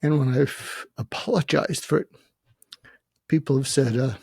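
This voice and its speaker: A man in his seventies, a psychiatrist guest, talking earnestly and haltingly in a reflective interview, emotional as he faces his own death. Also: mid-range voice, steady tone, creaky, a little mellow, slightly rough, no room sound, clean studio sound. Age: 70s. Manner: earnest, halting, many restarts and fillers.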